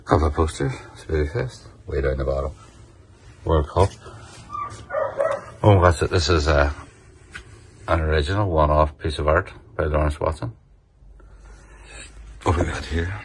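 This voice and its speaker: A man's voice: extremely low pitch, moderate pace, pauses often, a little hiss or hum, rough recording. A man with a Derry accent, giving a casual, rambling tour of his table football room, swearing freely. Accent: Northern Irish, Derry. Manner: rambling and offhand, with frequent swearing. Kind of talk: casual walkthrough chat. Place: indoor games room filled with memorabilia.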